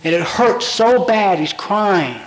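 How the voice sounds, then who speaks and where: Brief: man, 50s, high pitch, confessional recovery speaker, wry and blunt, echoey convention-hall tape. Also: lively intonation, slow. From Colorado, USA. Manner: blunt, wry and emphatic, swearing for punch. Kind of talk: comic confessional storytelling speech. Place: large convention hall with audience.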